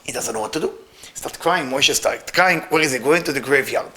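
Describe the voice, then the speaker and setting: A man's voice: fairly high pitch, lively intonation, fairly quick, vocal fry, sharp tone. A man teaching a Kabbalah class, telling a story animatedly in broken English. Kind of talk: storytelling lesson.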